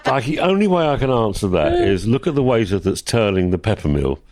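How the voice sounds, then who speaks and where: A man's voice: on the low side, very animated, brisk, a little mellow. An older man, a guest and a host's father, chatting casually with exasperated comic rants, recorded indoors at a workplace full of vintage cars. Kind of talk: casual chat.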